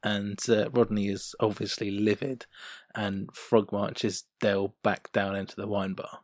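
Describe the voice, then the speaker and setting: A man's voice: fairly low pitch, level tone, unhurried, darkish tone, no room sound. A man co-hosting a podcast, chatting casually and animatedly as he recaps a sitcom episode. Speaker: podcast co-host.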